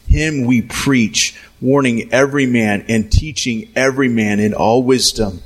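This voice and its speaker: A man preaching a sermon as a pastor, lively and conversational, acting out little scenes and sometimes shouting. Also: lowish voice, slightly rough, poor audio.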